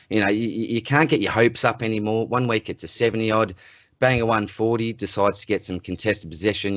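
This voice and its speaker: An Australian man co-hosting a casual sports podcast, ranting in an animated, exasperated way. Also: lowish voice, no room sound. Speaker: podcast co-host.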